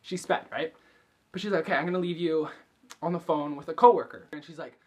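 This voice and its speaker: A man's voice: fairly high pitch, quick pace. A young man vlogging, telling a story casually and chattily, swearing a lot and filling every sentence with fillers. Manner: chatty, profane, filler-heavy.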